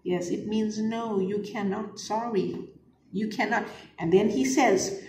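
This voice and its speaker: A woman teaching an English lesson, slowly explaining a test dialogue and acting out its lines. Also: medium pitch, steady tone, a little mellow, a little hiss or hum. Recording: echoey room, from a distance.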